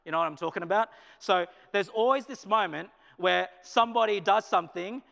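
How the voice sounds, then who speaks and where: Australian male preacher, slightly high voice, animated sermon delivery, reverberant chapel hall. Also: a little fast, vocal fry. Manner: animated, swings from loud emphasis to low, quiet asides. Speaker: pastor and business teacher.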